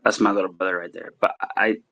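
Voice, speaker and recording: A man's voice: low voice, steady tone, fast, creaky, pushed and bright. A man from California, a fighter guest in a casual interview, brash and jokey with heavy swearing. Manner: brash, profane trash talk, jokey.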